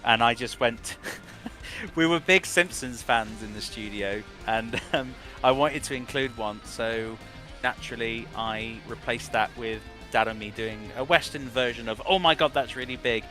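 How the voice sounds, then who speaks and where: A male voice director speaking in an interview, his tone bright and forceful. He gives long, winding answers and often restarts his sentences. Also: medium pitch, a little slow, faint music behind.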